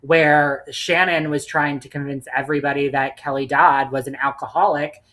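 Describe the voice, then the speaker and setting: A woman with a low voice co-hosts a casual podcast, picking apart reality TV episodes with blunt, animated opinions. She swears freely and talks through her thoughts with lots of restarts. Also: moderate pace. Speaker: podcast co-host. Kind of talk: casual reality TV recap chat.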